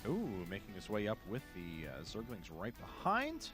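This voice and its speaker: Man, esports commentator, play-by-play, jokey, excitable, lively pitch. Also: moderate pace, over music. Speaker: esports caster.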